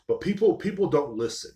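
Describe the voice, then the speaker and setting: A man's voice: a little high, warm tone. Profane, rambling podcast man. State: short of breath. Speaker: podcast host. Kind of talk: casual rant. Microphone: live stream mic.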